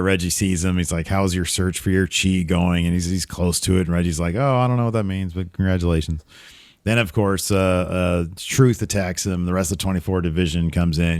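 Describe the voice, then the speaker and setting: A man's voice: low voice, no room sound, clean studio sound. A man co-hosting a podcast, giving an opinionated casual recap of a wrestling show, often trailing off and restarting.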